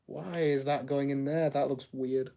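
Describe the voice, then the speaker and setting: A man's voice: mid-range voice, flat delivery, measured pace, gravelly, mellow, a little hiss or hum. A young man chatting casually on a live stream while he builds, rambling, reacting to chat and tripping over his words.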